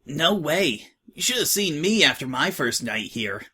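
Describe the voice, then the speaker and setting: A man's voice: fairly high pitch, big pitch swings, measured pace, sharp tone, slightly rough, heavily acted. A man voicing a tough, slangy young filly who talks bluntly and offhand. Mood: brash. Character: brash, tough young filly, slangy orphan-home veteran.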